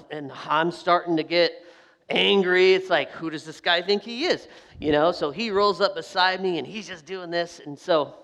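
A man preaching a sermon as a pastor, telling a story in a lively way and acting out the voices of people in it. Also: on the high side. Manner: animated storytelling, acts out quoted voices, laughs. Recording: long hall reverb.

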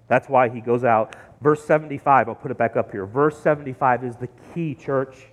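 A middle-aged man preaching a sermon in a church, telling the story with lively, acted-out quotes. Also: medium pitch, normal speed, few pauses, long reverb tail. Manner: animated storytelling, acting out quoted voices. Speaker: pastor. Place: church sanctuary.

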